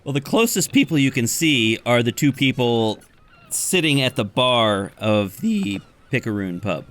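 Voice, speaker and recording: A man narrating a tabletop game as game master, describing scenes in a relaxed, plain way. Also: medium pitch, measured pace.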